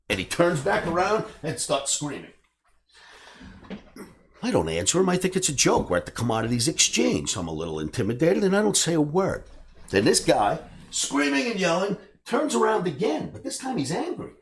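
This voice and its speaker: A man in his sixties, a trading educator, telling a personal story in an animated way and bursting into shouts when he acts out scenes. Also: fairly high pitch, moderate pace, a little hiss or hum.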